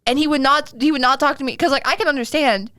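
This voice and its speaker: Giggly young woman, high voice. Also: fast talker, fairly bright tone, no room sound, studio quality. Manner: giggly, chatty storyteller with many likes and restarts. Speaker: podcast co-host. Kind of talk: casual chat.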